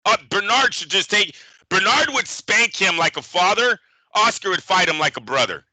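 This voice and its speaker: A man co-hosting a boxing podcast, talking casually in an animated, profane, emphatic way. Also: sits high, moderate pace, no echo, low-quality recording. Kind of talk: casual sports chat.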